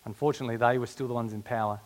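A man preaching a sermon in an animated way, with humorous asides. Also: medium pitch, rapid-fire.

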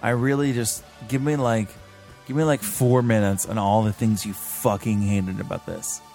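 A man's voice: lowish voice, steady tone, normal speed, vocal fry, darkish tone, faint music behind. A man hosting a film podcast, teasing and prodding his co-host for more in a casual chat.

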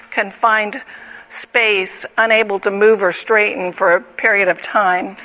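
Bright-voiced woman teaching Bible study. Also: mid-range voice, highs cut off. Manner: explanatory and conversational.

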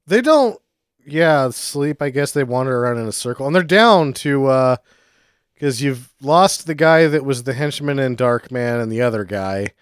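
A man walking through a film plot with his co-host, with an animated, expressive voice and wry, deadpan asides. His talk is casual and full of swearing. The sound is close and dry. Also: mid-range voice, normal speed, clear, resonant tone, no echo. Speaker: podcast co-host. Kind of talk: casual movie-recap chat.

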